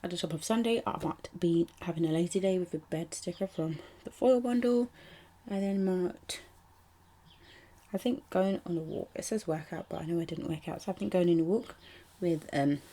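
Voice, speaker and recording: A woman's voice: lowish voice, normal speed, mellow. A young British woman narrating her planner spreads in a chatty, rambling way, with ums and little asides. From United Kingdom. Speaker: planner vlogger. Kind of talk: casual voice-over narration.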